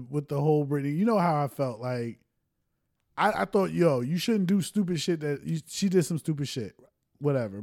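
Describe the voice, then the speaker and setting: A man's voice: fairly high pitch, mellow. A man co-hosting a podcast in casual chat, blunt and profane. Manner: blunt, profane, says bruh often. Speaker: podcast co-host.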